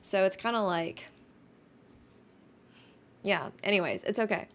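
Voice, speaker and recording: A woman's voice: mid-range voice, animated, unhurried, fairly bright tone. A woman in her twenties with a Californian accent, chatting casually on a livestream in a wry, self-deprecating way. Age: 20s. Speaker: chess streamer.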